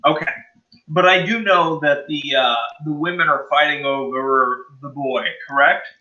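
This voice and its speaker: A man's voice: fairly high pitch, steady tone, unhurried, pushed and bright, dull audio. A man playing a tabletop role-playing game, thinking aloud and checking details. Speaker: player. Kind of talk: casual tabletop game chat.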